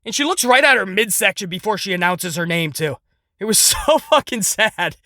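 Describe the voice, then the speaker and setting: Bright-voiced guy ranting about wrestling, swears a lot, sarcastic, dry sound. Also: sits high, moderate pace, no echo. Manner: profane, sarcastic, animated. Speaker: podcast host. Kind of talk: casual wrestling commentary.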